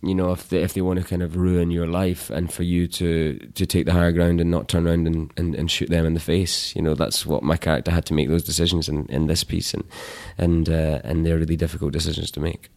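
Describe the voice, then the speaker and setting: A man with a Scottish accent, an actor being interviewed, talking in a thoughtful, halting way with many restarts. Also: sits low, little pitch movement, gravelly, a little mellow. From Scotland. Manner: thoughtful, halting, lots of "you know" and restarts. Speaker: actor guest. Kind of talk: relaxed interview chat.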